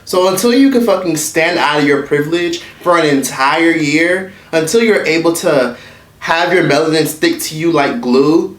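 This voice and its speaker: A man's voice: a little high, a bit bright, distant mic. A man delivers a heated, profanity-laced commentary rant. His tone is blunt and unfiltered. He sits back from the mic, so his voice carries the echo of the room around him. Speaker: online commentator. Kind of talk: ranting commentary vlog. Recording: echoey room, away from the mic.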